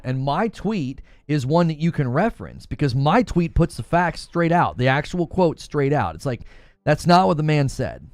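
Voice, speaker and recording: A man with a medium-pitched, slightly mellow voice hosts a live gaming-news stream with no room sound. He speaks emphatically, often stumbling and repeating himself, and reads chat questions aloud.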